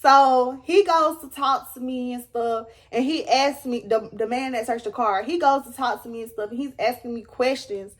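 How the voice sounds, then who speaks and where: Young woman, higher-pitched, animated, emphatic, storytime vlog. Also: normal speed, hardly any pauses. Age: young adult. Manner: animated, dramatic retelling with rising squeals. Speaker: storyteller vlogger.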